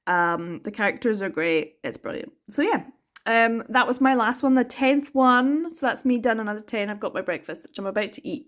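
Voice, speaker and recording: A Scottish woman chatting casually in a reading vlog, animated and quick to laugh, with the odd swear word for emphasis. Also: fairly high pitch. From Scotland. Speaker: manga reading vlogger.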